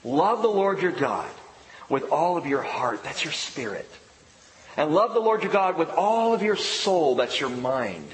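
A middle-aged man preaches with a lively, rising and falling delivery that leans on repeated phrases. His voice rings through a roomy hall with a long reverb tail. A faint murmur of ambience sits behind him. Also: on the high side, unhurried, slight background noise. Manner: emphatic, repeats key phrases. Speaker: pastor. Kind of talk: sermon.

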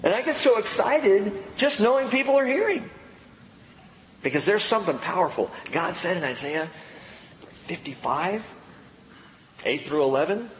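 A middle-aged male pastor preaching a sermon, swinging from excited high exclamations to low, earnest emphasis. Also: normal speed, long pauses, roomy sound, a little hiss or hum, rough recording.

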